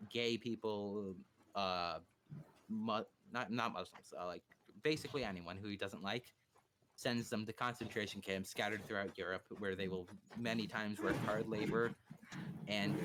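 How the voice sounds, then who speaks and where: A man's voice: lowish voice, fairly bright tone, slight background noise. A young man casually explaining history on a livestream, swearing and cracking crude jokes. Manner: crude, joking, profane.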